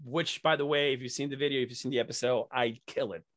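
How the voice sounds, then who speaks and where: A young man telling excited, profane stories as a podcast guest, laughing often. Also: mid-range voice, quick pace. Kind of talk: casual storytelling.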